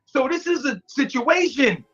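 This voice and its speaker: A man on a live stream telling a rambling personal story in a crude, animated, repetitive way, with a husky voice. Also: extremely high pitch, a little slow. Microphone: stream mic. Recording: muffled lo-fi stream audio.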